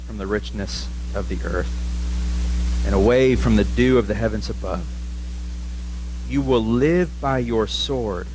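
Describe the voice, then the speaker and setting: A male preacher voicing an aged father who pronounces a grave blessing slowly and solemnly during a sermon. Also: lowish voice, background noise, voice pushed down, natural voice. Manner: slow, heavy, solemn.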